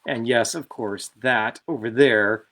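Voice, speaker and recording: A man's voice: mid-range voice, takes it slowly, fairly bright tone. A man hosting a casual cocktail show from his home bar, chatty and self-deprecating as he talks through each step while mixing.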